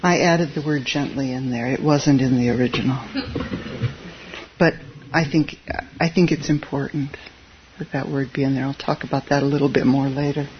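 A Zen teacher speaks at a middling pitch, easygoing and conversational, with occasional chuckles at their own asides. The recording is a little muffled and lo-fi, with a faint hiss underneath. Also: fairly even intonation, moderate pace. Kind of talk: dharma talk.

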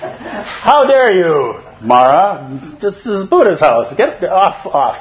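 Huffy doorkeeper disciple, scolding and indignant, pitched up, muffled sound; a man plays him. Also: sing-song, takes it slowly, full character voice. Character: indignant male disciple guarding a door.

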